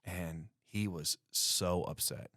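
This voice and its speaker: A deep-voiced man from Colorado tells a story as a guest, speaking slowly in a casual, animated way and acting out the quotes. The audio is dry and close, with little room echo.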